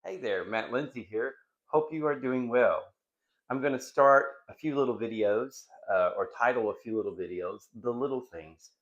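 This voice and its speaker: A middle-aged man hosts a casual home vlog from his dining room, chatting and rambling and often breaking into giggles. His voice is medium-pitched and a bit bright at a normal speed, and the recording sounds muffled.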